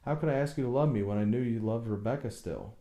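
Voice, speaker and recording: A man's voice: mid-range voice, fast, mellow, roomy sound, natural voice. A man voicing a shy, anxious young bride who asks earnest, pleading questions in an audiobook reading.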